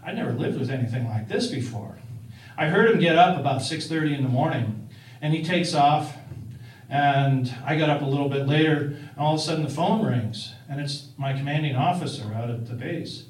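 A man's voice: a little high, lively intonation, a little fast. A man telling a first-person story in a conversational way, with fillers and restarts. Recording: roomy, distant-miked.

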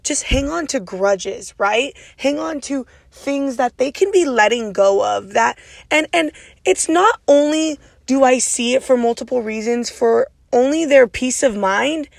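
A woman hosting a motivational podcast, loud and passionate, with a naturally raspy voice, speaking straight to her listeners. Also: high-pitched, lively intonation, measured pace, no echo, studio quality. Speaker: podcast host.

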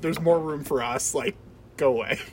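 A man's voice: a little high, normal speed, slight background noise. A man chatting about a film, emphatic, with lots of "like" fillers and laughter. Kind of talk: casual film discussion.

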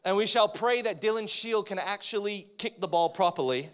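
American guy pastor, high voice, preaching to a church crowd, jokey and fired up. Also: normal speed, few pauses. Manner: energetic and joking, rising to emphatic. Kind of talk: sermon. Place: church, in front of a congregation.

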